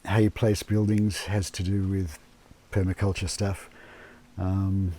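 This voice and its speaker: Sitting low in pitch, an eco lodge owner who also does permaculture gardening chats at home indoors during an interview. He takes his time, stays relaxed, and fills his talk with fillers and restarts.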